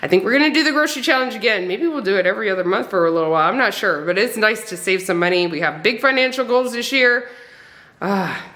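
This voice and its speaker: A woman's voice: mid-range voice, expressive, quick pace, few pauses, bright, forceful tone. Chatty upbeat woman vlogger. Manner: chatty, upbeat, frequent ums and restarts. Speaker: homesteading family vlogger. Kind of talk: casual chat to camera.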